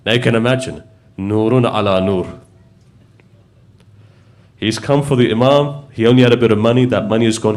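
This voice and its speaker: A man's voice: fairly low pitch, darkish tone. A man preaching, telling a story in a conversational way and putting questions to his listeners. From United Kingdom. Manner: conversational, asks the audience questions. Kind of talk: storytelling sermon.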